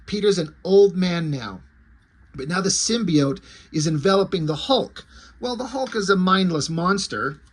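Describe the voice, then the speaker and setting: A man's voice: sits high, animated, unhurried, husky. A man casually recapping a comic book story, rambling with asides along the way. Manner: rambling and conversational, with asides and fillers.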